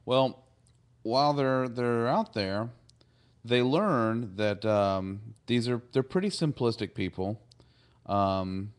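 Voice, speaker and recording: A man in a casual podcast chat who retells a TV episode in a loose, rambling way, chuckling and filling gaps with "like" and "you know.". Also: lowish voice. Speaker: podcast co-host.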